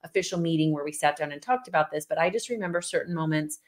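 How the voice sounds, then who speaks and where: A woman's voice: sits low, quick pace. A woman co-hosting a podcast, talking casually and emphatically with her husband, laughing often. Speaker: podcast co-host. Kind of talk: casual conversation with spouse.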